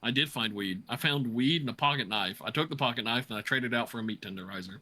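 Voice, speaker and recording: A man's voice: medium pitch, quick pace, bright, forceful tone. A man playing a tabletop horror game, bantering casually, joking, swearing and laughing often. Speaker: player.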